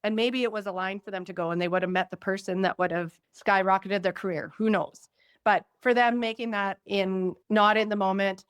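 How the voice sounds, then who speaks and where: A woman guest on a podcast who explains a personality system in a talkative, lively way and acts out quoted reactions. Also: medium pitch, brisk, clean tone, no room sound, clean studio sound. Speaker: Human Design guide.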